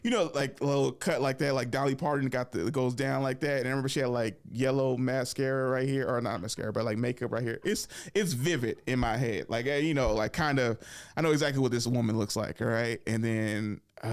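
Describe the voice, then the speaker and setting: A young man on a podcast telling a story with lots of energy, jumping high for quoted lines and dropping to mutters for asides. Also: fairly quick. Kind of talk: animated storytelling, acting out quotes.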